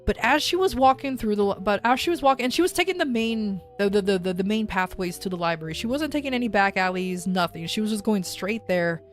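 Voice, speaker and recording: A woman's voice: mid-range voice, quick pace, hardly any pauses, faint music behind. A young woman streamer telling a story in a casual, rambling way, with restarts and casual swearing.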